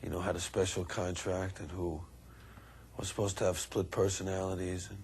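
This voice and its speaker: A low-voiced New man speaks bluntly and wryly, with faint background noise behind him. His voice sits deep in his chest. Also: little pitch movement, normal speed, a little mellow. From New York. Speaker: interviewee.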